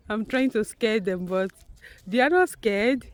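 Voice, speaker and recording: A woman's voice: mid-range voice, a little slow, no echo. A mother filming her children outdoors at a zoo, cheering and encouraging them in a casual family vlog. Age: adult parent. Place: outdoor zoo with a crowd around.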